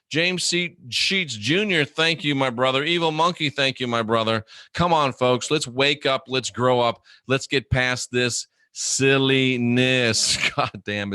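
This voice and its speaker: A middle-aged man hosts a casual live chat and reads viewer comments aloud. He talks bluntly and jokes a lot, and his bright, forceful voice sounds dry and close to the mic. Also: medium pitch, no room sound. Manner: blunt, profane, joking. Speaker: livestream host reading chat.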